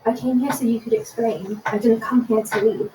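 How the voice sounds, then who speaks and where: Woman tabletop player, plain and casual, slightly high voice, faint room hum. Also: steady tone, normal speed, warm tone, low-quality recording. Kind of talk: tabletop game play.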